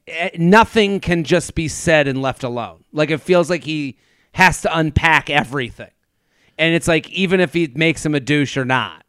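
A man co-hosting a casual reality-TV recap podcast, talking in animated bursts with frequent restarts. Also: a little high, clear, resonant tone, no room sound. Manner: animated, stumbling restarts, mimics people in quick asides. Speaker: podcast co-host. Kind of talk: casual chat.

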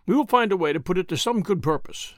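A man's voice: sits high, animated, fast, no room sound, clean studio sound. A man reading as a blustering village druggist. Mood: brusque. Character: indignant self-important male village druggist.

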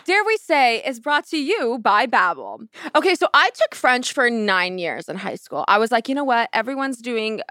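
A woman's voice: fairly high pitch, big pitch swings, moderate pace, few pauses, pushed and bright, dry recording, clean studio sound. A young woman in her twenties, a podcast host doing sassy, playful ad reads and a slangy monologue. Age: 20s.

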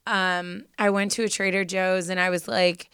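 A woman's voice: on the low side, flat delivery, normal speed, fairly bright tone, clean tone, no echo, clean studio sound. A young woman co-hosting a podcast, chatting casually and heartfelt, with lots of "like" fillers. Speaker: podcast co-host. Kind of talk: casual chat.

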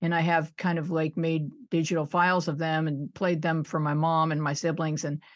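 A sixty-something woman from suburban Buffalo, New York, speaks at a normal speed in a low voice with a flat delivery. She's a podcast guest in a casual interview, self-deprecating and frequently laughing.

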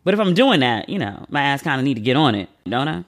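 A man with a mid-range voice chats as the host of a podcast. He is loose and expressive, rambling between plans with casual swearing and self-mocking laughs. He speaks at an easy, everyday pace. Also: mid-range voice, fast talker. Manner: chatty and expressive, swears freely, laughs at himself. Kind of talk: casual chat.

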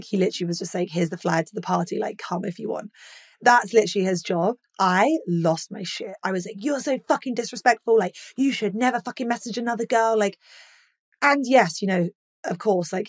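A woman's voice: fairly low pitch, dry recording, clean studio sound. A young woman hosting a solo podcast, talking frankly and animatedly, swearing freely and acting out quoted rants. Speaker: podcast host.

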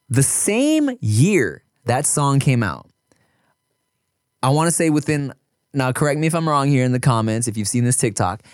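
Animated, swearing young male co-host. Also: mid-range voice, no room sound, clean studio sound. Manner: laughs a lot, swears, animated storytelling. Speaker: podcast co-host, musician. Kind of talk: casual chat.

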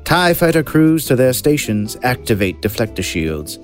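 A man voicing a coolly calculating alien grand admiral who speaks calmly and evenly, read aloud from a book. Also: medium pitch, soft background music, close to an everyday voice. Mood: glacially calm. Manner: calm, even, unhurried.

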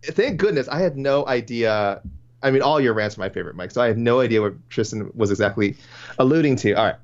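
A man co-hosting a casual podcast about fights, rambling and breaking off into quick asides. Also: mid-range voice. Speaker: podcast co-host. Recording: dull, lo-fi sound.

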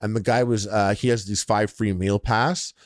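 Podcast co-host, young man, animated anecdote teller with put-on voices, slightly low, close and dry. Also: moderate pace, dry recording. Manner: animated storyteller, acts out quoted people in shifting voices. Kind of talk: casual storytelling chat.

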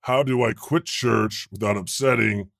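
A man playing God as host of a comedy podcast, casual and deadpan as he plugs the show. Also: on the low side, a little slow, vocal fry, dry recording, studio quality, exaggerated voice. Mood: laid-back. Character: God, a laid-back male deity hosting a podcast.

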